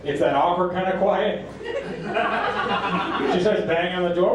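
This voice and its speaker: Stand-up comic in an echoey club. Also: male voice, normal speed, pauses often. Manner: deadpan delivery with high squeaky voices for quoted characters. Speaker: stand-up comedian. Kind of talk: stand-up set. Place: comedy club stage. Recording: live club recording from a distance, echoing room, crowd laughter. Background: audience laughter.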